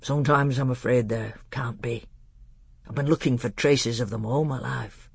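A man voicing a wise, gentle old male tutor in a measured, earnest audiobook reading. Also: mid-range voice, steady tone, no room sound. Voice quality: gravelly, husky. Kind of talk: audiobook character voice.

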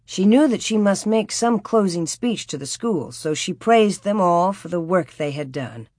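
A woman narrating a storybook in a calm, measured and expressive way. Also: lowish voice, no room sound, clean studio sound. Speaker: audiobook narrator.

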